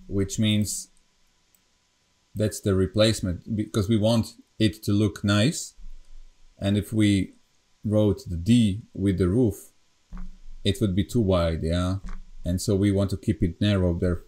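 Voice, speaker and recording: Slow, low Slovak-accented man teaching. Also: mellow. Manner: patient, searches for words, checks with "yeah?" and "okay?". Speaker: language teacher. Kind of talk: explaining a lesson.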